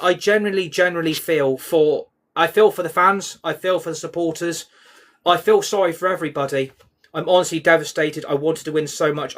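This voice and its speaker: A man's voice: a little high, a bit bright. A man ranting angrily on a live stream reaction, swearing, repeating himself and reading viewer comments aloud. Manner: angry, repetitive ranting with swearing.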